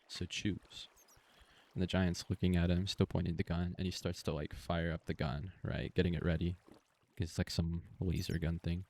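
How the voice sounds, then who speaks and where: Deep-voiced man in a flat monotone. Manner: flat, monotone, unhurried delivery with fillers. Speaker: gaming video creator. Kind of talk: casual monotone movie retelling over gameplay. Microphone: close desktop microphone.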